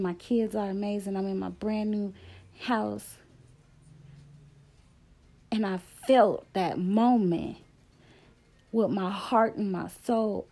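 A woman's voice: mid-range voice, creaky, mellow. A middle-aged woman casually telling a personal story, candid and emphatic in how she talks. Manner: candid, emphatic, drifting between fast and slow. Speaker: speaker sharing a personal story.

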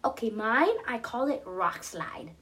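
Woman playing a boastful superhero boy, high-pitched and bouncy. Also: very animated, measured pace, fairly bright tone. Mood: proud.

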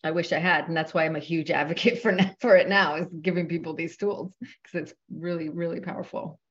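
A woman, a personal trainer and yoga instructor, speaking as a guest in an interview with a smooth, measured delivery like a radio host. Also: deep voice, steady tone, muffled recording. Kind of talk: podcast interview.

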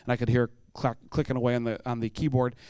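A man's voice: mid-range voice, level tone, rapid-fire, warm tone, clear, resonant tone, dry recording. A middle-aged man preaching a sermon to teenagers, telling stories and acting out voices as he asks the room questions.

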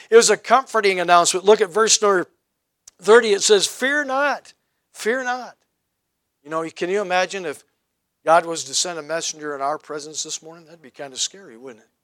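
High-voiced preaching pastor, dry sound. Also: male voice, dry recording. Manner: swings between loud emphatic preaching and soft hushed asides; folksy, light humor between scripture readings. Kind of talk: sermon. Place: church sanctuary at the pulpit.

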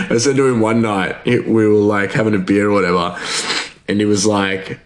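A man's voice: lowish voice, expressive, moderate pace. A man, chatting casually on his podcast, rambling, laughing often and restarting his sentences. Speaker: podcast host, chef.

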